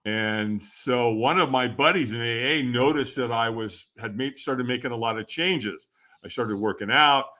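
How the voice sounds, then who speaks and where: A middle-aged man with a bright, forceful voice tells his story as a podcast guest. He is animated, laughs often and slips into the voices of the people he quotes. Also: mid-range voice, normal speed. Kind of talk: storytelling interview.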